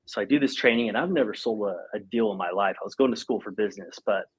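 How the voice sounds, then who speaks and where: A man in his thirties, a guest on a podcast, telling a story in a casual, animated way and acting out what people said. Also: lowish voice, fast talker, breathy edge, rough recording. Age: 30s. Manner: animated, acts out quoted speech, laughs often. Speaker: podcast guest, company president.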